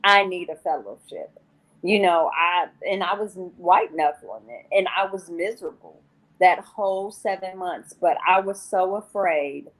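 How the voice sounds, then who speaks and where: A woman's voice: lowish voice, measured pace. A woman guest on an interview show, telling her personal recovery story in a candid, rambling way and often quoting herself.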